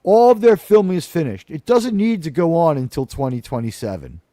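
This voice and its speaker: A man's voice: fairly high pitch, big pitch swings, fairly quick, mellow, dry recording, studio quality. A man hosting a casual podcast panel, talking in a rambling, sarcastic way with mocking asides. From United States.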